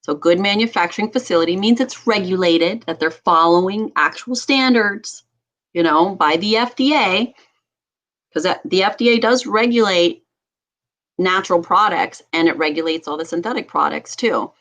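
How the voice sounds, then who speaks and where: A woman doctor hosting a health talk show, speaking with a somewhat low voice. She talks with animated passion and laughs often. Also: moderate pace, low-quality recording. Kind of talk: casual talk show chat.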